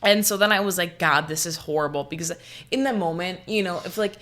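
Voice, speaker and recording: A woman's voice: on the low side, fairly quick, fairly bright tone. A young woman co-hosting a podcast, telling a story in casual chat full of fillers and swearing. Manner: profane, rambling storytelling with constant fillers. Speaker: podcast co-host.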